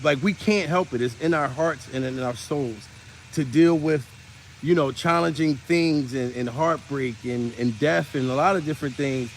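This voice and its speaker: A man's voice: fairly high pitch, moderate pace, a little hiss or hum. A man in his forties, a comedian, ranting casually to camera. He is profane and rambling and laughs often. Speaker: comedian vlogger.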